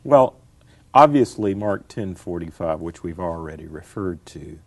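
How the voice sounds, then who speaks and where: A man's voice: deep voice, expressive, unhurried, a little mellow. A middle-aged man, a scholar answering interview questions in an emphatic, lecturing way, repeating his key phrases. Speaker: guest scholar.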